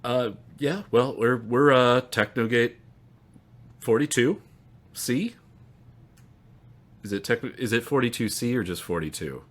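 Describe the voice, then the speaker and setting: A man playing a tabletop game, joking and relaxed. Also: mid-range voice, a little slow, long pauses. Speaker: player. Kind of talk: tabletop role-play.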